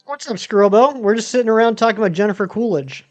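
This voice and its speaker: A man in his thirties talks loosely to his viewers, drifting between topics and filling gaps with ums. His voice sits high for a man. Soft music plays faintly behind him. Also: animated, quick pace. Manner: rambling, chatty, many ums and uhs. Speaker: game streamer. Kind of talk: casual live-stream chat answering viewers.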